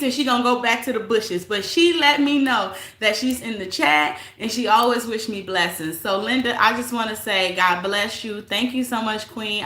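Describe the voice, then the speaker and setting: A woman's voice: on the high side, bright, forceful tone, roomy sound. A woman hosting a casual live stream, talking straight to her viewers in a chatty, blunt way and reading their comments aloud. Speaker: livestream host reading chat.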